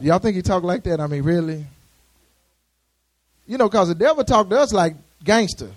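A man's voice: high voice, animated, a little fast. A male pastor, preaching a sermon in a conversational way with repeated restarts and calls for amens. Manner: conversational preaching with many restarts and call-and-response.

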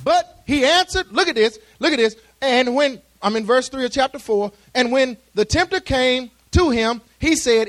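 High-voiced preacher. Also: male voice, animated, moderate pace, hardly any pauses, a bit bright. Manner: conversational preaching with many restarts and call-and-response. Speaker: pastor. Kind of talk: sermon.

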